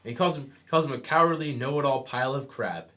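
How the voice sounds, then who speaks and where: A man's voice: mid-range voice, fast talker, bright, forceful tone. A man co-hosting a comic book podcast, retelling scenes and reading out quoted lines in casual chat. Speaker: podcast co-host.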